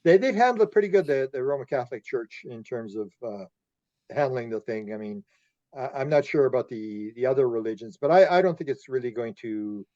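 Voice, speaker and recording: A man from Canada, a UFO investigator being interviewed, telling animated stories, laughing often and acting out quotes. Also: mid-range voice, fairly quick, no echo, dull audio. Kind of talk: casual interview storytelling.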